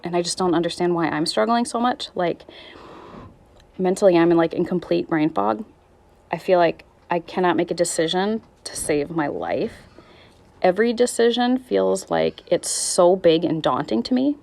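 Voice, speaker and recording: A woman's voice: lowish voice, normal speed, vocal fry, a little mellow. A woman in her thirties talking candidly in a personal vlog, weary and struggling, rambling and trailing off mid-thought. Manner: raw, rambling, restarts and trails off. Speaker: vlogger.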